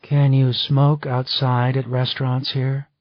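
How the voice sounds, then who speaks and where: A man's voice: medium pitch, flat delivery, measured pace, no room sound, pitched above the performer's own voice, close to an everyday voice. A man voicing a poised, chatty female travel writer in an audiobook reading. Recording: slightly dull dry recording.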